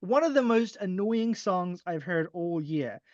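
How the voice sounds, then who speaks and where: A man's voice: high-pitched, animated, a little slow, dry recording, muffled recording. A man co-hosting a podcast, ranting with exasperation and swearing, laughing often, mocking lines in a silly put-on voice. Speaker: podcast co-host. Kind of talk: casual ranting album review.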